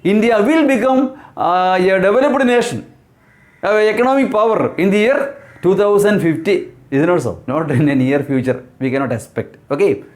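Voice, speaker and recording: A man's voice: high-pitched, moderate pace, darkish tone. A man teaching English grammar step by step, repeating rules and asking rhetorical questions with many fillers. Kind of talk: explaining grammar lesson.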